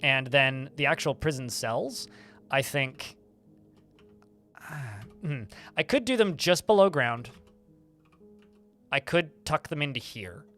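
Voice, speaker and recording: A man's voice: medium pitch, expressive, slow pace, pauses often, pushed and bright, soft background music. A man live-streaming a game, telling a rambling story in a chatty, casual way with mild swearing.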